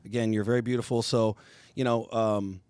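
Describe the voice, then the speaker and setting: A man's voice: fairly low pitch, level tone, fairly quick, a little mellow, clear, resonant tone, no echo. A man co-hosting a podcast, earnest and affirming, often repeating words as he starts a thought. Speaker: podcast co-host. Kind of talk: supportive conversational interview.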